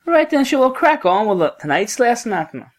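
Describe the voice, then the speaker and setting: A man's voice: extremely high pitch, sing-song, fast. A man co-hosting a language podcast in a casual, chatty way with short acknowledgements. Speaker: podcast co-host.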